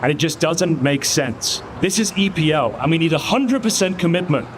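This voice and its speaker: A man with a high voice lectures a colleague in frustration. Car and street noise is clearly heard behind. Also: expressive, normal speed.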